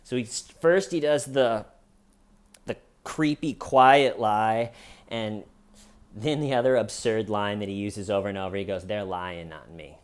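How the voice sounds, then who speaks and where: A man's voice: on the low side, unhurried, clean tone. A man hosting a casual commentary show, talking in a sarcastic, mocking way. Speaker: host.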